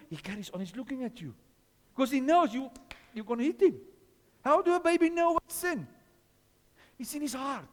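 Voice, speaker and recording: A man preaching a sermon as pastor, questioning his congregation and teaching from scripture with an animated delivery. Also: extremely high pitch, in a large hall.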